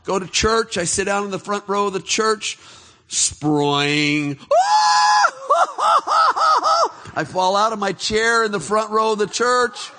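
Preaching a testimony sermon, a middle-aged man tells his story with animated laughter, then grows soft and hushed as he reflects. His voice sits high, moving at normal speed with hardly any pauses.

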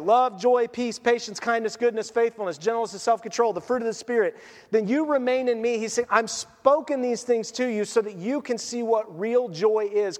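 Male pastor, bright high voice, earnest conversational sermon, long hall reverb. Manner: earnest, conversational preaching with quoted asides.

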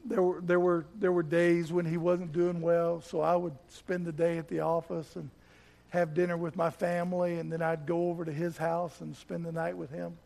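A middle-aged man preaching a sermon as pastor, telling a personal story, often repeating words and growing soft and slow at tender moments. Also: fairly high pitch, little pitch movement. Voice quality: gravelly. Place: church.

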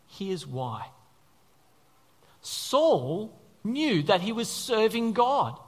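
A male preacher delivering a conversational, animated sermon, often asking the congregation questions. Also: high-pitched, extremely slow, pauses often, husky. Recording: long reverb of a large hall.

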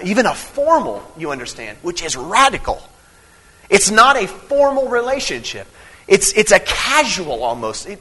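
A man preaching an evening sermon in an earnest, conversational way, moving between emphatic teaching and quiet personal stories. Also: a little high, rough recording. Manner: earnest, conversational preaching with many restarts and fillers. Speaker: pastor.

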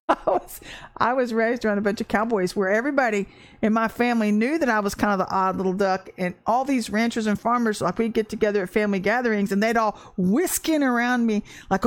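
A middle-aged woman giving a casual spoken sermon, an animated storyteller who laughs often and acts out quotes. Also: mid-range voice, a little fast, no echo. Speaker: Christian ministry teacher.

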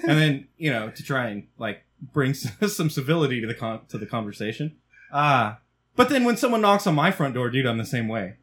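A man co-hosting a podcast, swearing often and acting out his own yelling as he tells stories among friends. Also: medium pitch, very animated, a little fast. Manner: profane, acts out loud yelling impressions. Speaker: podcast co-host. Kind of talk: casual banter.

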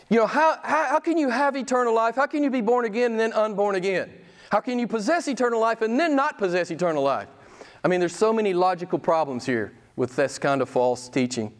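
A man preaching a sermon as pastor, emphatic and full of rhetorical questions, swinging between loud and soft. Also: fairly high pitch, animated, fairly quick.

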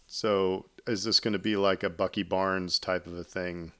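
A man hosting a casual podcast, his voice a touch low and smooth. He rambles through his points with plenty of ums, restarts and asides. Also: level tone, normal speed, a bit bright. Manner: rambling, many fillers and restarts. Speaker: podcast host. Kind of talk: casual chat.

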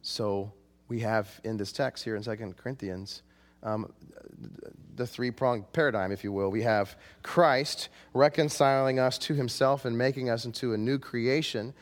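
Man, pastor, sermon, impassioned pleading, middle pitch, long reverb. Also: fairly even intonation, normal speed. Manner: impassioned, rising to pleading cries when quoting scripture.

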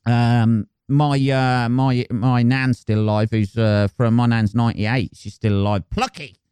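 A man's voice: mid-range voice, fairly even intonation, measured pace, darkish tone, smooth, dry recording. A young man hosting a podcast, rambling crudely and swearing in a casual comic monologue. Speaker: podcast host. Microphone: close podcast mic.

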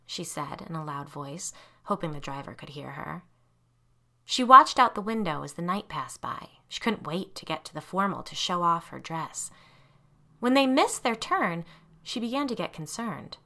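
A woman host narrates a scripted ghost story with bright, clear tone and expressive delivery. She builds suspense steadily as she reads. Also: lowish voice, normal speed.

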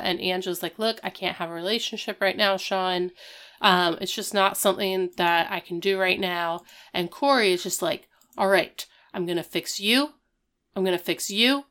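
A woman's voice: fairly low pitch, a bit bright. Chatty woman recapping casually. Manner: chatty, quick recaps with playful quoted lines. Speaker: podcast co-host recapping a TV episode. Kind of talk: casual chat.

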